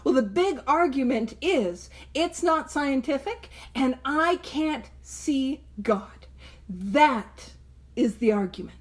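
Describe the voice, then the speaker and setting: A woman with a fairly high voice leads a book study in a relaxed, conversational way. She jokes and laughs easily between thoughts. Now and then she reads passages aloud before explaining them. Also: takes it slowly. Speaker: host of a recovery book study. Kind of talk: casual explanatory talk.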